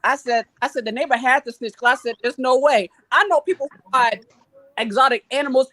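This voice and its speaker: A man with a bright, sharp voice, recorded dry and close. He chats through his theories and builds them point by point. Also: very high voice, quick pace, no room sound. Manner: chatty, builds points step by step. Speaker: co-host panelist. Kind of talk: casual gossip and analysis.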